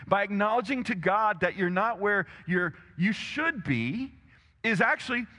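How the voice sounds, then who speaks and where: Bright-voiced male pastor in a reverberant hall. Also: sits high, expressive, unhurried. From Texas, USA. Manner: emphatic and conversational, with rhetorical questions. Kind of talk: sermon.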